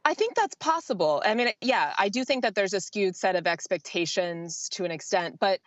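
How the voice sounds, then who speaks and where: Measured woman economist on a dull remote line. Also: medium pitch, animated, no echo. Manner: measured, explanatory, thoughtful. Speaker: economist guest. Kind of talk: talk show interview.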